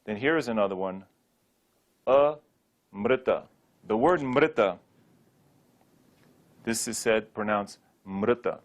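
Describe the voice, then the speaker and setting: A man giving a Sanskrit pronunciation lesson, drilling words slowly and repeating them, with playful rhetorical questions. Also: on the low side, lively intonation. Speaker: Sanskrit teacher.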